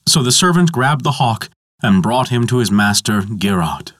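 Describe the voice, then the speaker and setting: Man, storyteller, measured dramatic narration, mid pitch, dry close recording. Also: very animated, fairly bright tone, no room sound. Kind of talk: scripted mythology narration.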